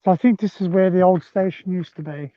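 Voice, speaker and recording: Holding his phone as he strolls a country rail trail, this man streams live to viewers, rambling casually and calling them "guys." His high voice keeps a steady tone at a quick pace. The audio is dry with no room sound and has a thin, phone-like quality.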